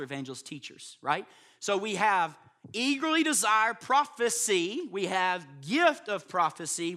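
A man's voice: high-pitched, pushed and bright. A man preaching a sermon to a room of pastors, emphatic and constantly checking in with his listeners. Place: live before a room of listeners.

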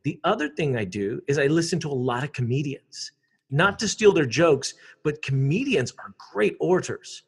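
A man, a public speaker chatting casually in an interview, animated and quick to repeat words. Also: a little high, creaky, husky.

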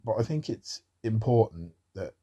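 A man's voice: lowish voice, animated, moderate pace, dark tone, slightly rough, dull audio. A man talking in a rambling casual monologue about music, with wry asides.

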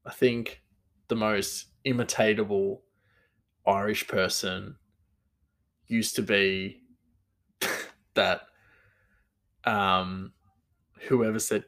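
A man's voice: on the low side, fairly even intonation, slow, long pauses, a bit bright. A young man chatting casually about accents, rambling, self-correcting and laughing at himself. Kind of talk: casual chat.

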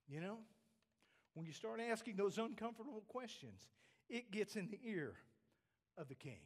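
A man's voice: extremely high pitch, fairly bright tone. A man preaching a sermon, emphatic, asking the congregation rhetorical questions. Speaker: pastor.

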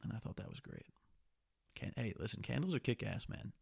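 Gravelly young man rambling on a podcast. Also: fairly low pitch, animated, brisk, dry recording, studio quality. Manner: rambling, profane and restless. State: sniffly. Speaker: podcast host. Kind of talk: casual solo podcast monologue.

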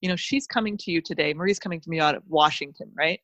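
Woman, podcast guest: low-pitched, dry close-mic sound, passionate motivational delivery with lots of emphatic repetition. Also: fast talker, fairly bright tone, no echo. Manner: fired-up, emphatic, repeats phrases. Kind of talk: motivational pep talk.

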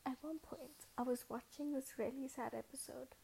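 A young woman talking casually on her podcast, her voice high yet mellow and a little breathy. She rambles and pokes fun at herself, slipping into whispers often. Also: fairly even intonation, normal speed, poor audio. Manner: rambling, self-mocking, often drops to a whisper. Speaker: podcast host. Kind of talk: casual monologue.

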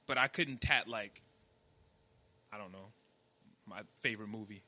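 A man co-hosting a podcast in casual chat, telling stories loudly and acting out what others said, with plenty of swearing. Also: on the low side, unhurried. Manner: loud, animated storytelling, swears freely, acts out quotes. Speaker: podcast co-host.

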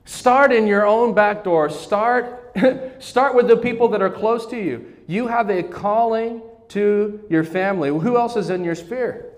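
A man preaches a sermon from the pulpit, his voice pitched high. He keeps prompting the congregation to say words back to him. The sound carries a long church-hall reverb. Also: a little slow. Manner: call-and-response preaching, asks congregation to repeat. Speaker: pastor. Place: church sanctuary.

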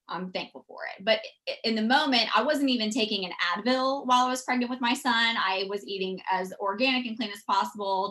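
A woman, telling stories as a podcast guest in a chatty, animated way. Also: medium pitch. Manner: chatty, animated, quotes people in acted voices. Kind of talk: casual storytelling.

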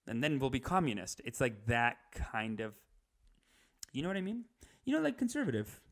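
A young man riffing in a comedic rant, animated, slipping into higher mocking impressions.

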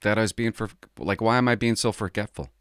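A middle-aged man, a former police officer, telling a story from his work in a casual, animated way. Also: fairly low pitch, quick pace, clean tone, no room sound, studio quality. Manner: animated, acts out the people he quotes.

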